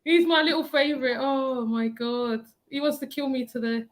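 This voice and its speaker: A woman hosting a casual chat, animated, repeating herself and laughing often. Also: high voice, normal speed. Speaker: host.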